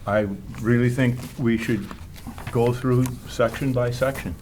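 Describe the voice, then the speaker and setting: A man's voice: medium pitch, steady tone, unhurried, a little mellow, slight background noise. A man on a city commission, talking in a rambling, conversational way during a meeting. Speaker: commission member. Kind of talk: meeting discussion.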